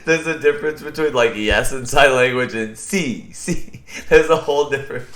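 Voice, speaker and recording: A young man hosts a podcast in an easygoing, rambling way. His voice sits at an ordinary middle pitch. He swears freely and breaks into laughter often. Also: normal speed, fairly bright tone. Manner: loose, profane, laughs often. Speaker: podcast host. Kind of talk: casual podcast chat.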